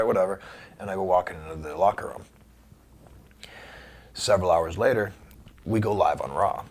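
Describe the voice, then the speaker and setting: A man being interviewed, telling a story in a casual, animated way and acting out the voices of the people in it. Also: lowish voice. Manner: animated anecdote teller who acts out quoted voices. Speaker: guest wrestler.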